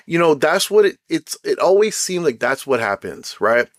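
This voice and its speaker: A young man of Caribbean background giving casual commentary as a show host, animated, acting out quotes as he retells. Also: on the high side, moderate pace, few pauses, no room sound, studio quality.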